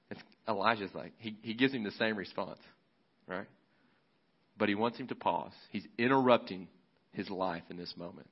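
A man preaching a sermon as a pastor, relaxed and conversational, often restarting his phrases. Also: sits low, husky, dull audio.

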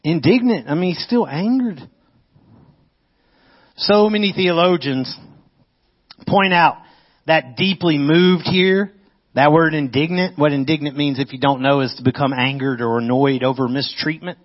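A man preaching a sermon, swinging between loud excitement and hushed, intense moments. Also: on the high side, a little slow, pauses often. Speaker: pastor. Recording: muffled lo-fi audio.

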